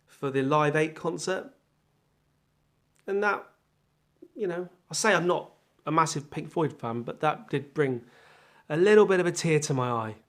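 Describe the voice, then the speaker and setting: A man hosting his own music channel, giving a casual first-impression chat about an album. He is self-deprecating and thinks aloud. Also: fairly high pitch.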